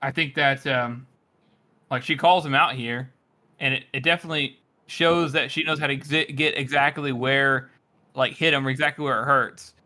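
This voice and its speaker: A man's voice: mid-range voice, normal speed. A man co-hosting a book podcast, rambling animatedly with many restarts. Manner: animated, rambling, trails off mid-thought. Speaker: podcast co-host. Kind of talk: casual book discussion.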